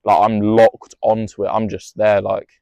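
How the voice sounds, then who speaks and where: A man's voice: fairly low pitch, monotone, normal speed, vocal fry, a little mellow, no room sound, studio quality. A young man tells a personal story in a rambling, emotional way, swearing freely and restarting often.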